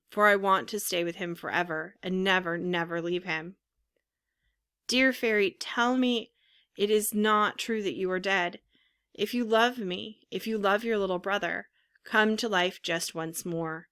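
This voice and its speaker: A woman's voice: mid-range voice, sharp tone, clean tone, no room sound, clean studio sound. A woman voicing a grieving, impulsive wooden puppet boy who wails and pleads. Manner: wailing, pleading.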